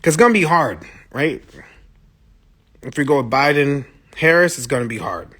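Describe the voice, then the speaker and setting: Impassioned husky-voiced man ranting on livestream. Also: mid-range voice, expressive, moderate pace, pushed and bright. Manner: impassioned, blunt and profane, answering viewer comments. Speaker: musician streaming live to fans. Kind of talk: casual livestream monologue. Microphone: phone.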